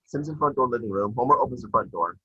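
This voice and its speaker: Guy reading scene directions, bright husky voice, dull lo-fi mic. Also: medium pitch, lively intonation, quick pace. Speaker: scene description reader.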